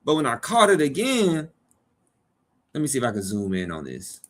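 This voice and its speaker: A man's voice: medium pitch, huge pitch swings, moderate pace, fairly bright tone. A man from Georgia hosting a live stream, reading chat aloud and joking. He talks casually and playfully, repeating his phrases.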